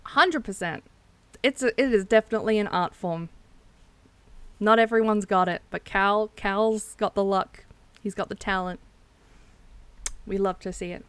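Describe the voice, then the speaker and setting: A woman's voice: medium pitch, moderate pace, pauses often, fairly bright tone, clean tone, dry recording. A woman from South Australia with a South Australian accent, chatting casually on a stream, laughing often and swearing freely.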